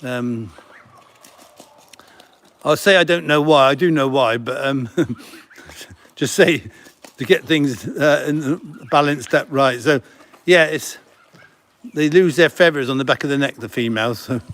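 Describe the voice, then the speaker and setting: A middle-aged man hosting a casual live stream from a farm, chatting warmly about the animals with giggles and cooing baby-talk at them. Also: medium pitch, measured pace, long pauses. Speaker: farm centre host. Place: outdoors on a farm.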